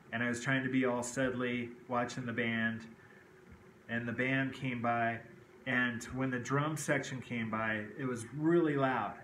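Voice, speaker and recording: A man's voice: mid-range voice, fairly bright tone, a little hiss or hum. Guy rambling on to his viewers, regular mid voice, echoey room at home. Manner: rambling, frequent "okay" and "kinda like". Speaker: vlogger. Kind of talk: casual personal talk to camera. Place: indoors at home. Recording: echoey room with faint ambience.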